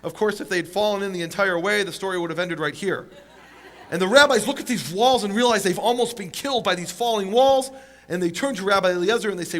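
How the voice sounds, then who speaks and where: A man telling a story in a sermon, animated, acting out the quotes with big jumps in pitch and chuckling along. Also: fairly quick. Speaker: teacher of the Bible.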